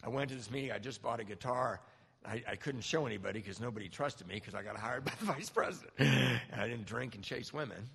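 A middle-aged man giving a personal recovery testimony, animated storytelling with acted-out quotes. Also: medium pitch, quick pace, creaky, breathy edge. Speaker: speaker sharing a recovery story. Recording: long hall reverb.

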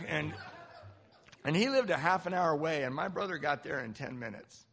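A man in his fifties from Southern California, speaking at a recovery meeting and telling a personal story in an animated, self-mocking way. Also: a little high, moderate pace, gravelly. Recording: reverberant hall.

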